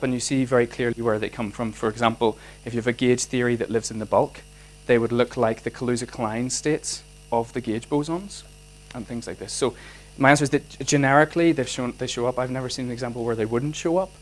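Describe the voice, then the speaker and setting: A man with a Northern Irish accent giving a physics lecture and answering student questions, animated, restarting his sentences often with many fillers. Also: medium pitch, a little fast, slight background noise, poor audio. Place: lecture hall.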